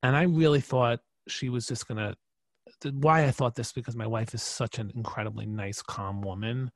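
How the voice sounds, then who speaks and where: A man in his forties, a podcast guest, telling a personal story with emphatic, animated delivery and frequent restarts. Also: mid-range voice, normal speed, no echo.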